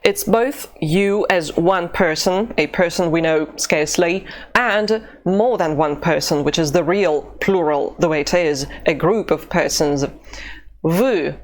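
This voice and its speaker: A woman teaching an online language lesson, pronouncing drill phrases slowly and deliberately. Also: lowish voice. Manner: slow, deliberate drill pronunciation.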